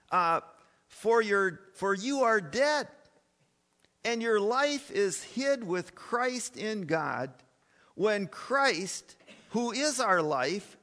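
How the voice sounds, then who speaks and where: A man preaches a sermon with a somewhat high, gravelly voice, pushing hard on key phrases and stumbling through fillers and restarts. The sound carries a long reverb, as if in a church sanctuary. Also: fairly bright tone. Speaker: pastor.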